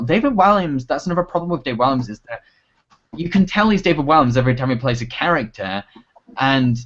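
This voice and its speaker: A man hosting a laid-back livestream Q&A, with a voice of middling pitch. He is chatty and laughs a lot, often trailing off mid-thought. The audio is dull and lo-fi. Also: fairly bright tone. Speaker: host and internet reviewer. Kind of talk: casual livestream Q&A chat.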